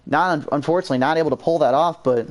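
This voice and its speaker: A man commentating a sim racing league and interviewing drivers, excitable and quick to laugh. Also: fairly high pitch, slight background noise. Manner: excitable, laughs often, exclaims.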